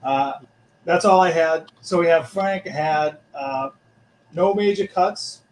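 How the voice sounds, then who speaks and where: A man's voice: on the high side, takes it slowly, a little hiss or hum, low-quality recording. A man with a Boston accent, co-hosting a sports podcast, grumpy and given to emphatic rants. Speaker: podcast co-host. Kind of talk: casual sports chat.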